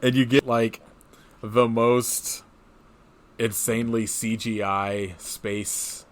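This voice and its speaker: A man's voice: mid-range voice, steady tone, slow pace. A man casually recapping a movie on a podcast, rambling with many fillers, swearing and laughing often. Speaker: podcast co-host.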